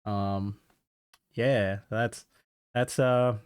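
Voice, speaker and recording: A young man hosting a podcast, telling stories in an animated, laughing, foul-mouthed way. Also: on the low side, extremely slow, clear, resonant tone, no echo. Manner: animated, laughing, swears a lot. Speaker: podcast host. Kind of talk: casual podcast storytelling.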